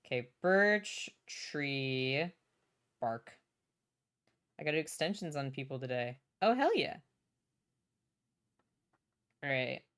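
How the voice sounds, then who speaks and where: A woman's voice: extremely low pitch, takes it slowly, pauses often, a bit bright, clean tone. A young adult woman streaming casually from home, bubbly, swearing freely and reading chat aloud.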